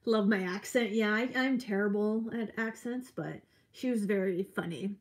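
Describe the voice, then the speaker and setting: A woman's voice: mid-range voice, normal speed. A woman in her forties chatting earnestly on a live stream, a little tired, reading out viewer comments as she talks. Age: 40s. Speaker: vlogger. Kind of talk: casual live-stream chat.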